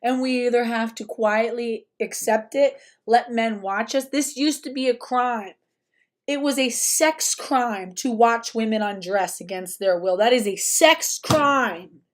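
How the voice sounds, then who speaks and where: A woman host giving impassioned, fast-talking commentary over video clips. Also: on the high side.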